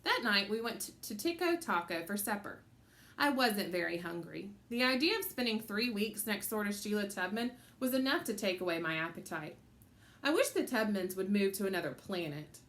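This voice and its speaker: Animated woman reading a children's book. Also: mid-range voice, normal speed. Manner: expressive, animated storytelling. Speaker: audiobook reader. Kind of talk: children's audiobook narration.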